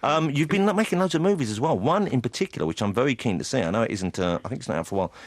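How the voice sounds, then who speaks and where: Male chat show host, cheeky teasing banter, rapid and animated, dry studio sound. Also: mid-range voice, no room sound. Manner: teasing, cheeky and quick-witted. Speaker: radio host.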